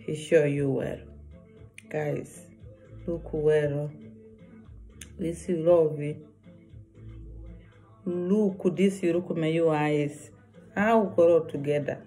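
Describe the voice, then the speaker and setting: Slow, earnest woman vlogger. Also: deep voice, steady tone, warm tone, faint music behind. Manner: earnest, repetitive, broken English. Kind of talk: personal warning vlog.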